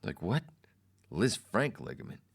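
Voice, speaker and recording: Low-voiced man telling a story. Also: a little slow, vocal fry. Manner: animated, mimics others in quoted lines. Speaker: podcast host. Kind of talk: casual storytelling.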